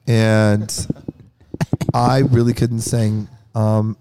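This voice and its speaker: A man's voice: fairly low pitch, level tone, extremely slow, background noise. A man recovering from a cold, chatting casually and jokingly on a backstage podcast. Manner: joking, rambling. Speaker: band member and podcast host.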